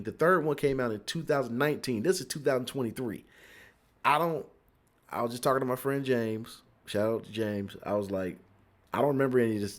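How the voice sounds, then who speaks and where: A man's voice: mid-range voice, darkish tone. Rambling man reviewing a movie casually. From Cincinnati. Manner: rambling, repeats words, acts out friends' lines.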